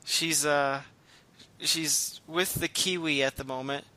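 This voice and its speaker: Man, podcast co-host, casual chat, exhausted, rambling, bright tense voice, a bit high. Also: fairly even intonation, slow pace, no echo. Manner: low-key and tired, rambling with restarts.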